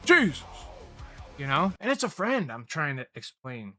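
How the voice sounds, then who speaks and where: A man hosting a casual livestream, telling rambling, profane stories about dispensary customers with lively retellings. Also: on the high side, moderate pace, soft background music. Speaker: livestream host. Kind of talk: casual storytelling chat.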